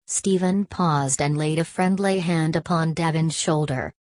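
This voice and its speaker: A woman narrates a novel in a steady, measured reading voice. Her pitch is notably low and deep. The recording is dry and close, with no room echo. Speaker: audiobook narrator. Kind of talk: scripted narration.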